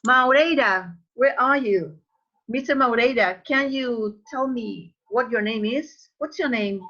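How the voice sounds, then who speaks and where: A woman teacher, leading an online English pronunciation lesson, repeating words slowly for her students. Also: on the high side, bright, forceful tone. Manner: drills sounds slowly, repeating words, calls students babies. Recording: dull lo-fi online call audio.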